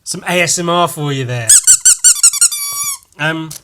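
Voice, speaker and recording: A man's voice: on the high side, measured pace, heavy background noise. A man hosting a solo comedy podcast, telling a rambling story that keeps correcting itself, with crude asides. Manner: meandering, self-correcting, crude jokes. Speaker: podcast host.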